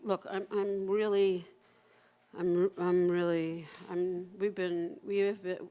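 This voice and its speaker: A woman in her sixties performing an autobiographical one-person stage monologue, raw and emotional, with halting repetitions and bursts of swearing. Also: fairly low pitch, flat delivery, warm tone. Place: live performance at a community center.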